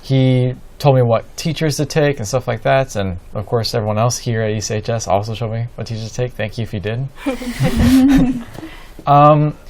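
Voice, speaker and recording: Halting, self-amused teenage boy. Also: medium pitch. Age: late teens. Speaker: graduating student. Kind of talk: interview answers.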